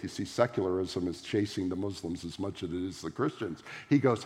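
A man, a pastor, preaching a sermon to a congregation in a large room, driving his points home with repeated words and sharp swings between loud and soft. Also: low voice, expressive, a little fast, few pauses. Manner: emphatic, repetitive preaching cadence with big swings in loudness. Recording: long hall reverb.

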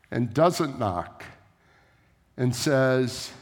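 A man's voice: medium pitch, extremely slow, long pauses. A man preaching a sermon in a church, telling a story in a conversational way. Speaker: pastor. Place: church sanctuary. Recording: echoey church hall.

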